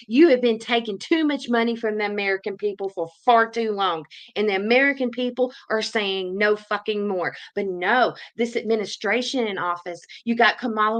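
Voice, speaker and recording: A woman's voice: medium pitch, moderate pace, a bit bright. A woman hosting a livestream, delivering a heated, profane political rant full of repetition. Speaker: livestream host.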